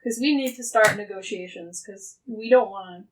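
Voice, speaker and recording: A woman's voice: mid-range voice, moderate pace. A woman playing a tabletop game, hesitant and thinking aloud. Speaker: player. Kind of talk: casual tabletop play. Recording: distant from mic.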